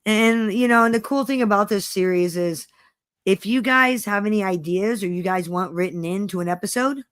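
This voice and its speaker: A woman's voice: medium pitch, moderate pace, no room sound, studio quality. A woman co-hosting a casual chat, swearing freely and telling stories with lots of energy. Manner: profane, animated storytelling. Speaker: co-host.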